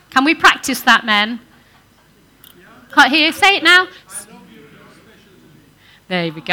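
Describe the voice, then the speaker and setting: A woman's voice: fairly high pitch, a little slow, long pauses, pushed and bright. A woman giving an informal sermon to couples, chatty and coaxing the audience to join in. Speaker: church speaker on marriage.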